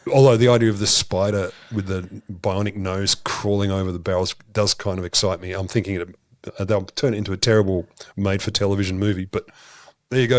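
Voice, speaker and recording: An Australian man co-hosting a science podcast, telling stories in an animated, sardonic way with swearing. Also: on the low side, no echo, studio quality. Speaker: podcast co-host. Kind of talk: casual comedic science chat.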